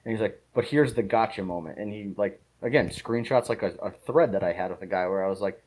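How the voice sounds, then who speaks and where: A man on a podcast rattles off stories at a rapid clip, his voice low and mellow. He swears freely in loose, casual chat. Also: low-quality recording. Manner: rapid, profane storytelling. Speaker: podcast co-host.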